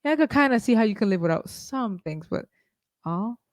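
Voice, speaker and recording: A man's voice: high voice, expressive, a little fast, dry recording, clean studio sound. A man co-hosting a podcast, chatting casually about faith and agreeing often with lots of "like" fillers. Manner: agreeable, lots of "like" and soft "mm" backchannels. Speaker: podcast co-host.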